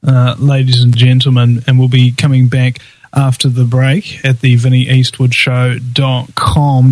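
A man's voice: medium pitch, flat delivery, normal speed, darkish tone, dry recording, faint music behind, poor audio. A man hosting a live call-in radio talk show, with a theatrical, sarcastic announcer delivery.

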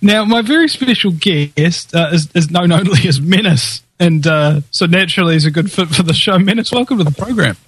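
A man's voice: high-pitched, expressive, brisk, hardly any pauses, breathy edge, no room sound, rough recording. A man hosting a live call-in radio talk show, with a theatrical, sarcastic announcer delivery.

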